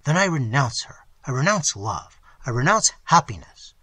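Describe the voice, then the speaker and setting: A restless young Englishman, as a man puts him on, pleading in a fervent, anxious voice whose pitch swings widely. The tone is husky and bright, captured close and dry, like a storybook reading. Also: big pitch swings, normal speed, no echo, exaggerated voice. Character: impassioned, restless young Englishman craving forbidden knowledge.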